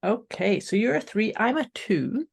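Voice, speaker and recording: A woman's voice: on the high side, very animated, moderate pace, creaky, slightly rough. A woman co-hosting a podcast in an upbeat, casual way, speaking directly to her listeners. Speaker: podcast co-host. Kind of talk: casual motivational chat.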